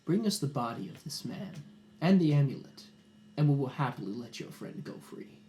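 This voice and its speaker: A man voicing a shrewd, calm barbarian chieftain who bargains in a low, measured way. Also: slight background noise, close to an everyday voice. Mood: hushed scheming. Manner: low, hushed bargaining, slow and deliberate.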